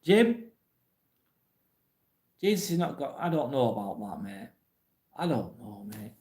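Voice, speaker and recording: A man's voice: medium pitch, sing-song, a little slow, darkish tone, reverberant. An English man hosting a live vlog, reading chat messages aloud and answering in a blunt, plain-spoken way with casual swearing. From England. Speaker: livestream host reading chat.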